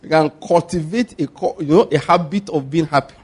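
Speaking briskly in a slightly rough, higher voice, a man preaches as pastor. His sermon mixes lively storytelling with call-and-response quizzing of the congregation.

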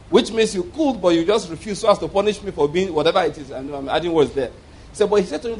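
A man's voice: a little high, animated, very fast, a little mellow, slightly rough. A man preaching a sermon, telling a story with frequent chuckles and repeated words.

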